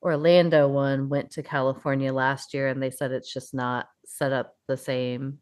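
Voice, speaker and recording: A woman's voice: extremely low pitch, little pitch movement, moderate pace, a little mellow, smooth. A woman co-hosting a podcast, chatting casually with many fillers and frequent swearing. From upstate New York. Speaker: podcast co-host. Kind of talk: casual chat.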